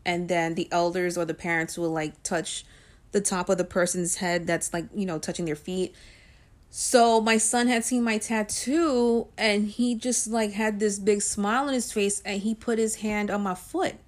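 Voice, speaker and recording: A woman's voice: medium pitch, steady tone, normal speed. Woman vlogger, chatty personal storyteller, loose and conversational with plenty of filler words. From Guyanese and Puerto Rican heritage. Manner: chatty, with frequent ums and likes.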